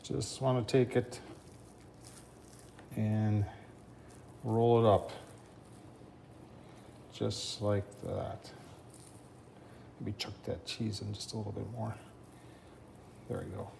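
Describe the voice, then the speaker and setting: A man's voice: fairly low pitch, level tone, takes it slowly, vocal fry, long pauses, mellow, a little hiss or hum. A man hosting a casual cooking vlog, talking folksy and chatty and often addressing viewers as folks. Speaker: cooking channel host.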